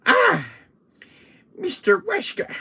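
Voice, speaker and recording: A man voicing a flirty, pestering woman who calls everyone honey, in a cooing falsetto. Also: wildly swooping pitch, slow, vocal fry, pushed and bright, full character voice.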